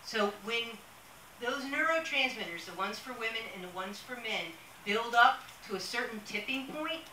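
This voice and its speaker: A woman's voice: mid-range voice, bright, forceful tone. A woman giving a live workshop talk, telling stories in a chatty way with asides. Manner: chatty storytelling with asides and laughter. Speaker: workshop speaker. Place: room with a live audience. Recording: distant mic in an echoey room, with hiss.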